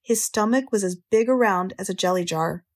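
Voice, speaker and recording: An American woman narrates a children's classic in a clear, measured storytelling voice. Her pitch sits in the middle range, and she paces each sentence steadily for English learners. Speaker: audiobook narrator, English teacher.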